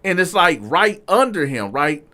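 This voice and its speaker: Animated man telling a street story. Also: unhurried. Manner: animated, slangy, swings from low asides to loud outbursts. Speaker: channel host telling his own story. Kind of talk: casual storytelling to viewers.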